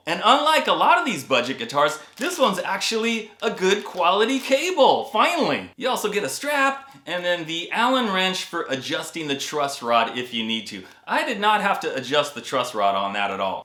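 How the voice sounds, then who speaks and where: A man's voice: sits high, pushed and bright, reverberant. A man talking casually to viewers as he reviews an electric guitar and shows its parts. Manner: chatty, addresses viewers as guys, demonstrates on guitar.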